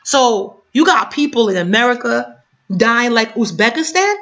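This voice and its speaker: An impassioned woman vlogger from New York City reads a news piece aloud and keeps breaking off to argue with it, firing rhetorical questions. Her voice sits a little high. The sound is dull and lo-fi, like a cheap webcam mic. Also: animated, measured pace, fairly bright tone. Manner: impassioned, emphatic, repeats rhetorical questions, swings between reading and outburst. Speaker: commentary vlogger. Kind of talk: reading an article aloud and ranting about it.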